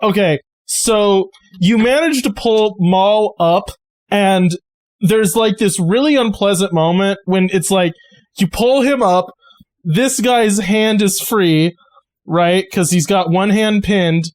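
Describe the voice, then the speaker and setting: A man's voice: sits high, takes it slowly, a little mellow. A man narrating as game master in a loose, chatty way with plenty of fillers.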